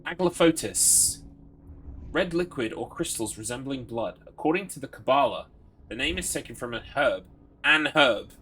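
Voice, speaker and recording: A man's voice: mid-range voice, expressive, normal speed, slight background noise. A young British man streaming a horror game, reading item text aloud and joking with his chat. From Britain. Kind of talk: casual game commentary.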